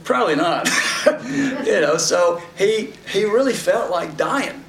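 A man's voice: high voice, animated, unhurried. A man giving a conversational Bible teaching, reading verses and retelling them in a folksy, casual way. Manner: folksy, paraphrases scripture in casual voices. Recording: echoey room, mic at a distance, faint background noise.

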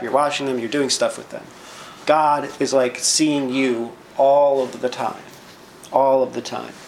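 A man's voice: medium pitch, roomy sound, slight background noise, poor audio. A man preaching a sermon, reading verses and explaining them in a conversational teaching way, often checking in with "right?".

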